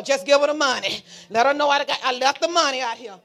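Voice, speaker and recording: Bright fiery woman pastor. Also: sits high, fast, hardly any pauses. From Alabama. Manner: fiery, preaching with call-and-response. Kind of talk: sermon.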